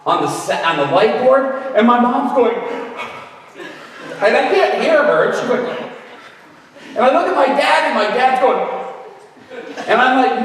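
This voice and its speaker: Male preacher spinning a funny story, lively high voice, echoey distant hall. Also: a little slow, long pauses. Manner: animated, humorous storytelling. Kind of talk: storytelling sermon. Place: event venue.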